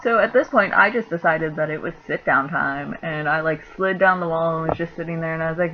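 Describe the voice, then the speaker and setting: A woman's voice: deep voice, fairly quick, hardly any pauses. A young woman telling a story in a casual vlog, chatty and laughing, with lots of filler words. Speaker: vlogger. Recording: dull lo-fi sound with faint noise.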